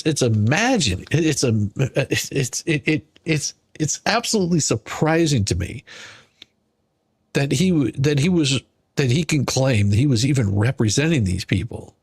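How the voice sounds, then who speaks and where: A man's voice: medium pitch, slightly rough, no room sound, clean studio sound. A man streaming sarcastic commentary on court filings, scoffing and mimicking whiny pleas. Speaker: YouTube legal commentary streamer.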